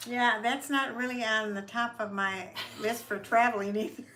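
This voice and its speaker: An older woman with a Minnesota accent, a guest on her daughter's Q&A, telling soft-spoken, meandering stories. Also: fairly high pitch, steady tone, normal speed, a little hiss or hum. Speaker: guest, host's mother.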